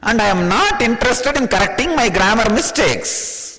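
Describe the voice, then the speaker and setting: A very animated Indian-accented man gives a spiritual discourse at normal speed, his high, sharp-toned voice swooping up and down. He teases listeners with rhetorical questions, laughs often, and his voice fades into a long hall reverb.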